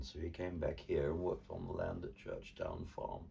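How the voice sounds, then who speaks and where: A man's voice: very deep voice, very animated, normal speed, vocal fry, few pauses, mellow. An older man from Cornwall, an artist and ventriloquist, telling stories in a theatrical, wry way during a casual chat. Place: indoors in his home studio. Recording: distant mic, faint room ambience.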